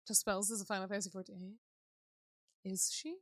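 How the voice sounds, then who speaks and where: A woman's voice: medium pitch, flat delivery, brisk, slightly rough. A woman streamer chatting casually while playing a game, giggly and profane, with self-mocking asides.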